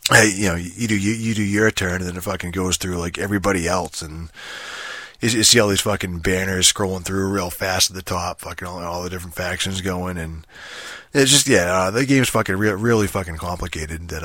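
Young guy with a really deep but bright voice, rambling on about a game, swearing nonstop, dry close sound. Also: moderate pace, no room sound. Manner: rambling, heavy swearing, many fillers and restarts. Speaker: gamer talking about a strategy game. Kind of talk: casual rambling chat.

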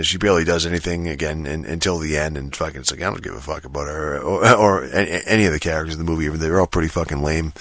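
A man's voice: very deep voice, a bit bright, dry recording, clean studio sound. A man talking on his own in a rambling, profane casual rant, full of fillers and restarts. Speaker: solo commentator on movies and games.

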